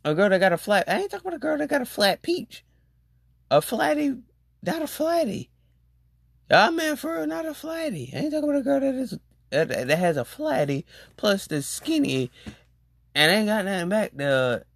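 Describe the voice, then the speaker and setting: Young adult host, rambling slangy storyteller, pitch jumps all over, dry close sound. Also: moderate pace, vocal fry, no room sound. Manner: rambling and slangy, with animated exclaimed reactions. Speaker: podcast host. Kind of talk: casual storytelling monologue.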